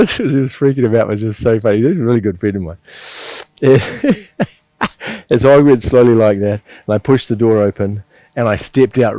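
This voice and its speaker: Chuckling low-voiced New man. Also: mellow, no echo, clean studio sound. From New Zealand. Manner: rambling, chuckling storyteller with frequent restarts. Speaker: qigong teacher. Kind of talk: instructional class with personal storytelling.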